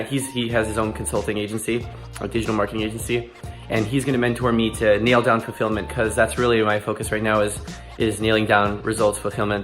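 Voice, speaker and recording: This vlogger, a man in his twenties, has a lowish, fairly bright voice. He speaks earnestly and emphatically in a casual way, often restarting, while seeming emotional and near tears.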